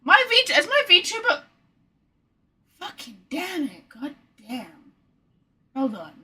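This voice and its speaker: A woman's voice: very high-pitched, sing-song, slow pace, pushed and bright. A woman streaming a video game, chatting casually, swearing freely and talking to her cat. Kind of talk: casual gameplay commentary.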